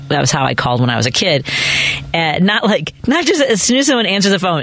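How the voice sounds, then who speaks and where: A woman's voice: sits low, very animated, quick pace, fairly bright tone. A woman hosting a talk radio show, chatty and conversational, laughing and acting out little quoted phone calls. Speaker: radio host.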